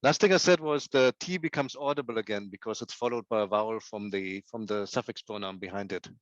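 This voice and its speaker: Male student, careful step-by-step explaining, mid-pitched voice, dry muffled call audio. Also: fairly quick, no echo. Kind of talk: answering in class. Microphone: video call.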